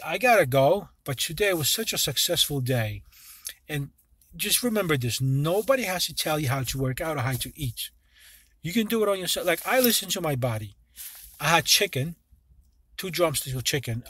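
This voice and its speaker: A man's voice: fairly high pitch, expressive, normal speed, fairly bright tone, breathy edge. A man talking casually to his viewers in a vlog, rambling and swearing freely, often restarting his sentences. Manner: rambling and profane, with many restarts. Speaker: vlogger.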